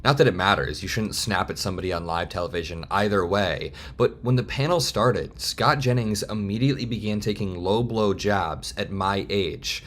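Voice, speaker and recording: A man's voice: fairly low pitch, a bit bright. Heated young man ranting. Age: 20s. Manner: heated, fast, worked-up ranting. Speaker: political commentator. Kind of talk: direct-to-camera political commentary.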